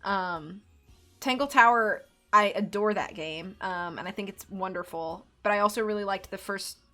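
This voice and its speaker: A woman's voice: mid-range voice, moderate pace, sharp tone, soft background music. A woman streamer reading a book aloud live and chatting in giggly, rambling asides.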